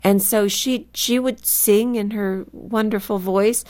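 A woman's voice: mid-range voice, fairly even intonation, takes it slowly. A woman author, a guest on a Christian radio show, telling personal stories in a conversational way with fillers. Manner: warm storytelling, with fillers.

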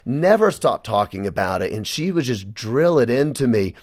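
A man's voice: mid-range voice, sing-song, moderate pace, darkish tone, no room sound, studio quality. A man, a guest on a radio interview, telling an emotional personal story of faith in an earnest way.

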